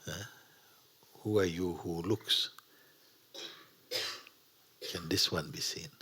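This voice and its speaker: A man teaching a spiritual gathering in a gentle, unhurried way, often dropping to a whisper. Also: low-pitched, steady tone, background noise. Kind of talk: sermon to a gathering. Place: satsang gathering.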